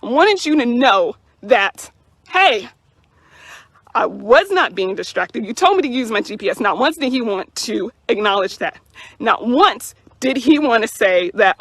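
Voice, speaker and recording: A woman's voice: a little high, animated, moderate pace, fairly bright tone, no room sound. A young woman telling her own story to the camera, indignant and emphatic, repeating words for stress. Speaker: mother recounting a police encounter. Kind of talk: personal account to camera.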